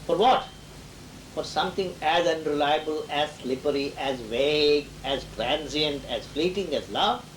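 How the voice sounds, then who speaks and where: A man's voice: fairly high pitch, unhurried, slight background noise, rough recording. A man giving a lecture on poetry who reads verse lines aloud and then explains them, with occasional chuckles.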